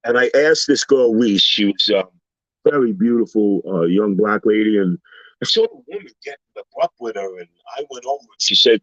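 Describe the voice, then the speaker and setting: A man on a talk panel, telling everyday stories in a casual, animated way and acting out the people he quotes. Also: fairly low pitch, normal speed, no echo. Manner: animated storyteller, acts out quoted voices. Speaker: panel guest. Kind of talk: casual storytelling chat. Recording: slightly dull lo-fi sound.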